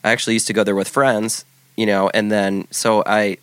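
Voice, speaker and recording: A man in his forties with a fairly low voice, telling a story in relaxed conversation. He stops and restarts often as he talks, and the sound is dry and close. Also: clear, resonant tone, no room sound. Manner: halting storytelling with many restarts. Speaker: podcast guest. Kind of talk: casual chat.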